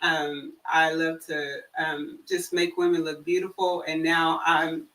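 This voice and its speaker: A woman in her forties, a guest on a casual talk show, speaking calmly with easy humor over a video call. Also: low voice, slow pace, far from the mic, rough recording. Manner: calm, warm-humored, occasional laughs. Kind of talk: casual chat.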